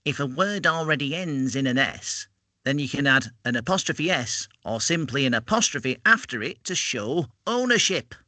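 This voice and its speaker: A man's voice: mid-range voice, lively intonation, moderate pace, sharp tone, dry recording. A man playing a schoolchild who patiently explains a school lesson to his mum. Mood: explaining. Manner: patient, then exasperated.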